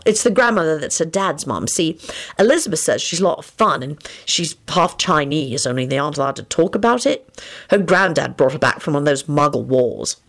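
Woman reading as a soft-spoken lovesick guy, a bit lower and quiet, rambling on. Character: mild lovesick young man, sheepish.

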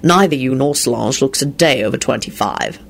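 A woman voicing a wry, stubborn grown man, a teasing wizard, in a lowered voice for a read-aloud story. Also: animated, fairly quick, vocal fry, breathy edge, exaggerated voice.

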